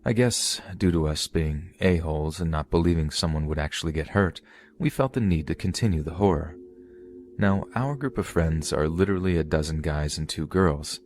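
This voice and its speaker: A man reads a creepy first-person story aloud in an even, measured way. His voice sits very low. A faint hiss of background noise runs under the recording. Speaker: story narrator.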